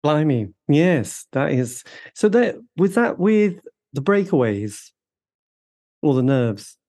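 A man's voice: fairly high pitch, very animated, slow pace, dark tone. A man interviewing a musician, asking rambling, hesitant questions.

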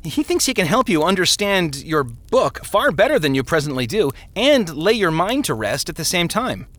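A man's voice: fairly high pitch, sing-song, normal speed, a bit bright, no room sound, pitched above the performer's own voice. A man playing a stern, fed-up wife. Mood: persuasive. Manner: scolding, firm. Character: stern, exasperated wife and mother.

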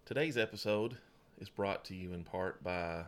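A man co-hosting a casual podcast, playful and teasing with dry jokes, a naturally loud talker. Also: sits low, moderate pace. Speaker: podcast co-host. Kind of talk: casual chat.

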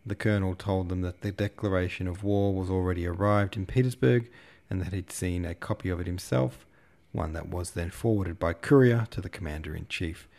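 A man reading a novel aloud as podcast host, with relaxed, casual asides. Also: low voice, fairly quick, creaky.

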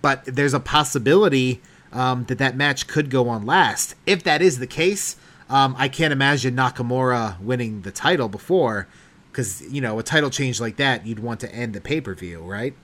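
A man's voice: medium pitch, normal speed, fairly bright tone. A man co-hosting a podcast, talking things through casually with frequent hedges and fillers. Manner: thoughtful, hedging, laughs often. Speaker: podcast co-host. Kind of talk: casual chat.

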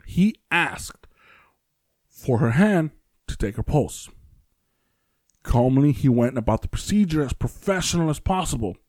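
A man's voice: medium pitch, dark tone, no echo, clean studio sound. A man hosting a podcast, telling a story in casual chat, rambling with many fillers and restarts. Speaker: podcast host.

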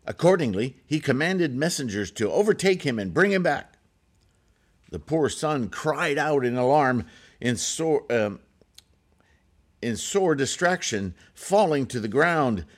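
A man's voice: mid-range voice, lively intonation, a little slow. A man reading a Buddhist scripture aloud and breaking off into casual spoken commentary with frequent "right?" asides.

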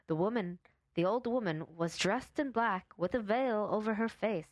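A woman's voice: medium pitch, normal speed, no room sound. A woman chatting casually and telling a story, laughing often and sometimes trying an Irish storytelling voice.

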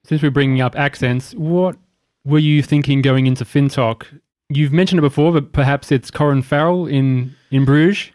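A man's voice: a little high, steady tone, normal speed, few pauses, a little mellow, no room sound. A man hosting a podcast, teasing and asking the others questions. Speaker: podcast host, game master. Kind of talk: casual podcast chat.

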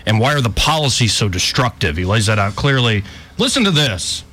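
A man's voice: medium pitch, brisk. A man hosting a talk radio show, chatting casually and joking around while he sets up clips. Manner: lively, jokey, slips into mock voices.

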